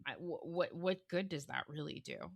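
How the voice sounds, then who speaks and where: A woman's voice: sits low, very animated, moderate pace, gravelly. A woman with a Long Island accent, co-hosting a casual podcast chat about books and hedging her points with lots of fillers. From Northeastern US. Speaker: podcast co-host.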